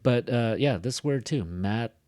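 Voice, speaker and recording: A man's voice: on the low side, moderate pace, darkish tone, dry recording. A man with a Californian accent teaching a beginner pronunciation class in a casual recorded lecture, rambling with many fillers and asides. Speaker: ESL teacher.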